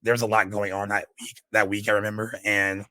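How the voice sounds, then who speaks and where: A man co-hosting a film podcast, his voice a bit hoarse but bright and forward. He rambles through his thoughts with fillers and restarts, in a low, fairly flat voice. The recording is dry and close. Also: brisk, no room sound, poor audio. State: voice a little shot. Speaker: podcast co-host. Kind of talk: casual movie podcast chat.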